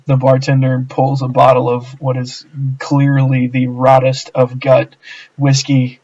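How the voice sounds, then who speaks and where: A man narrating as game master in a relaxed way, with many fillers. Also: medium pitch, measured pace, lo-fi sound.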